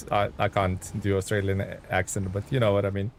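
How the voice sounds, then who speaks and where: A man with a low-side voice commentates his truck-game livestream in a completely flat, brisk delivery with few pauses, over slight background noise. He chats to viewers, thanks them, and thinks aloud with ums and chuckles.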